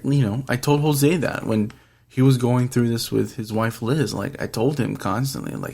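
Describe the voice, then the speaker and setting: A man's voice: medium pitch, moderate pace, creaky, a little mellow. A man hosting a podcast, talking earnestly and rambling in casual chat, swearing freely. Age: adult, past his twenties. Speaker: podcast host.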